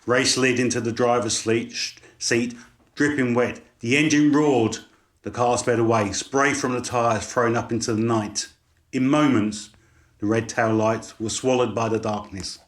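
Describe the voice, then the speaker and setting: Calm, measured male narrator for a short story. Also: mid-range voice, roomy sound. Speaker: author narrating.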